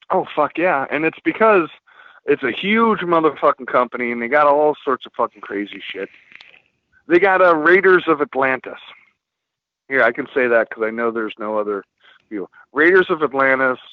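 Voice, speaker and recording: A man chatting casually on a podcast as a film distributor guest, rambling and swearing a lot as he tells animated stories. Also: mid-range voice, dry recording. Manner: profane, rambling, animated storytelling. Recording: muffled lo-fi podcast audio.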